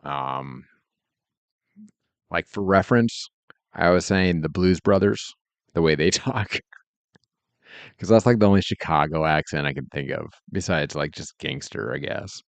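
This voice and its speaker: A man streams while he works, chatting in a relaxed, wandering way and chuckling often. His voice is rumbling and low, gravelly, and a little slow, with long pauses, and the recording is dry.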